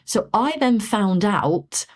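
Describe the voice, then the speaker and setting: A woman's voice: medium pitch, slow pace. A woman, a podcast guest telling her story in a conversational way and acting out what people said to her. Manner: animated, acts out quoted dialogue. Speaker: podcast guest, property investor.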